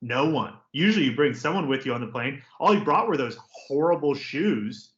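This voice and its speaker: A man co-hosting a sports podcast, ranting in a sarcastic, jokey, animated way. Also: mid-range voice, normal speed. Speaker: podcast co-host. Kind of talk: casual sports chat. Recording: roomy, slightly dull podcast audio.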